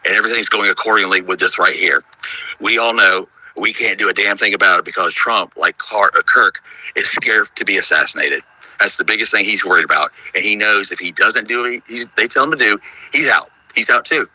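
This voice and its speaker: A man's voice: fairly low pitch, a little fast, pushed and bright, breathy edge, dry recording, poor audio. A man in his fifties calling into a live audio chat, talking in a worried, rambling, emphatic way. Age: 50s. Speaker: caller on a live audio room. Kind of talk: casual chat.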